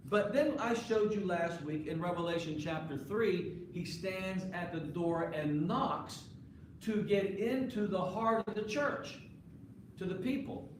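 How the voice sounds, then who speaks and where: A male pastor with a high voice preaches to his congregation at a measured pace, keeping it conversational and often asking the listeners questions. The live recording comes from far off in an echoey church sanctuary, with a little hiss or hum.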